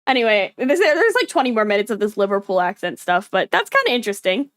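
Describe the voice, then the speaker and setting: A woman's voice: medium pitch, big pitch swings, fast talker, a bit bright, no room sound, clean studio sound. A woman streamer chatting casually while reacting to a video, rambling with lots of filler words. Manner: rambling, lots of "like", self-mocking.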